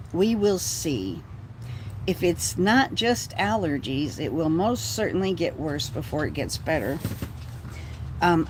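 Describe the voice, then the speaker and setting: A livestreamer chatting casually with viewers from inside a bus, breathless and feeling ill, rambling slowly with sighs and casual swearing. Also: medium pitch, slight background noise. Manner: slow, meandering, sighing, swears casually. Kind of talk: casual rambling live chat. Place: inside a bus living space.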